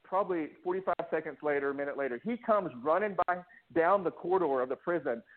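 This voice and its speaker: A man's voice: on the high side, fast talker. Man telling his story over a phone line. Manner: emotional, restless, many restarts and acted-out quotes. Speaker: interview guest. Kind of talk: candid personal storytelling.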